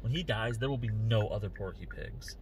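A man's voice: fairly low pitch, animated, normal speed, faint music behind. A male podcast host rambling through a casual, self-deprecating monologue while driving, often trailing off and restarting. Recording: distant mic with loud road noise.

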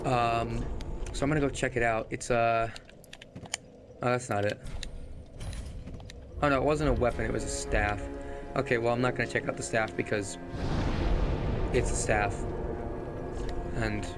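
A gaming channel host who has lost his voice and slept little gives rambling, self-deprecating let's-play commentary from his home setup, leaning back in his chair and occasionally swearing at the game. His hoarse, gravelly voice is mid-range with little pitch movement, moderate in pace, and full of pauses, heard over loud music.

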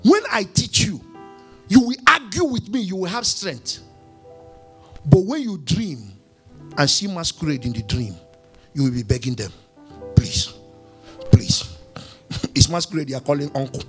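High, lively pastor preaching. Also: male voice, moderate pace, pauses often, faint music behind. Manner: animated preaching, firing questions, acting out dialogues. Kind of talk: sermon. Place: church.

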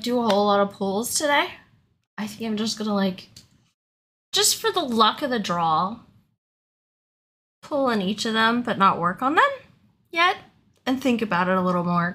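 A woman's voice: on the high side, fairly bright tone, slight background noise. A woman streamer chatting casually on a livestream, giggling often and a little out of breath. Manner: giggly, laughs often between words.

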